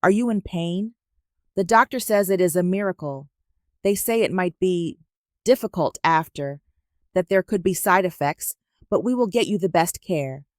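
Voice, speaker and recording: A woman voicing a poised, wealthy older mother who speaks softly and quietly condescends. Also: lowish voice, moderate pace, dry recording, studio quality, natural voice. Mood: soft concern. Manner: soft, honeyed and quietly condescending.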